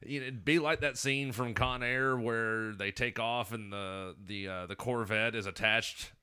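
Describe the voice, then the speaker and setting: A man's voice: mid-range voice, steady tone, a little slow, pushed and bright, smooth. A man hosting a podcast, telling stories in rambling, profane casual chat and laughing often. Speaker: podcast host.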